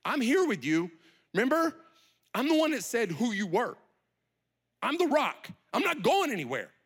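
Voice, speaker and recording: A man's voice: on the high side, wildly swooping pitch, fairly quick, fairly bright tone, exaggerated voice. A man preaching, acting out a frustrated, impulsive adult male disciple who scolds himself. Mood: boastful. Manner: agitated and self-scolding. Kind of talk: sermon storytelling.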